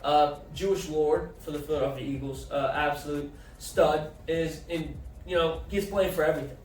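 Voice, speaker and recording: A man hosting a casual sports chat, joking loudly and swearing freely. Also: fairly high pitch, fairly even intonation, moderate pace, echoey room, recorded from a distance, a little hiss or hum, rough recording. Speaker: podcast host.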